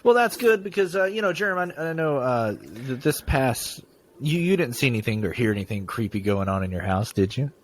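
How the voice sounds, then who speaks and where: A man's voice: medium pitch, sing-song, a little fast. A man hosting a podcast who chats casually and reads a story aloud, often stumbling and repeating words. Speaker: podcast host. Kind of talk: casual chat and story reading.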